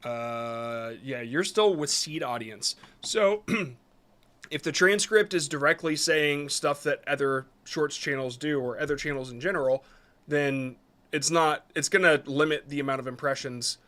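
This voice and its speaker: A man's voice: a little high, unhurried, a bit bright. A man reviewing viewers' short videos on a live stream, talking casually and rambling a bit as he gives frank advice.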